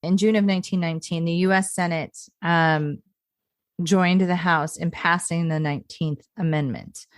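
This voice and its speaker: Lower-voiced woman podcast co-host, casual storyteller, lots of fillers, dry close mic. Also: fairly even intonation, normal speed, no room sound. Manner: chatty, laughs often, many fillers and restarts. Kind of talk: casual history podcast chat.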